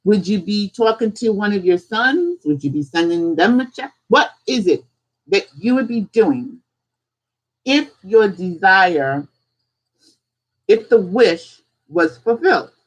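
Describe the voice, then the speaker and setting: Chatty live-stream host, lots of questions, acts out little examples, average pitch. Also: lively intonation, slow pace, low-quality recording. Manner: conversational, fires off rhetorical questions. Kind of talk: casual live-stream teaching. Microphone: streaming setup.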